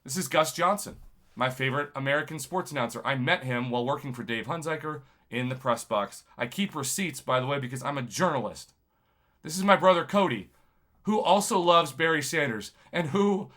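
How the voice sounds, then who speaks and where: A man, a YouTube journalist, talking to camera in a rambling, impassioned monologue full of shout-outs. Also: on the high side, lively intonation, a little fast. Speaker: YouTube video game journalist.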